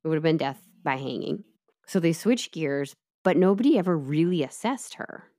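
Animated and warm at a normal speed, a woman with a notably low voice takes her co-host through a criminal trial one step at a time. As the podcast co-host telling the case, she's chatty and casual, sprinkling in asides in unscripted true-crime storytelling.

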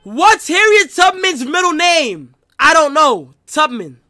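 A young adult man streaming live, reacting in an excitable, slangy, cursing way. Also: extremely high pitch, takes it slowly, no echo, clean studio sound, soft background music.

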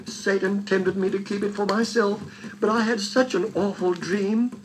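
A man's voice: high-pitched, fairly even intonation, normal speed, a little hiss or hum, pitched above the performer's own voice, close to an everyday voice. A man voicing an earnest young boy in a children's story, pleading and breathless. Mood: eager.

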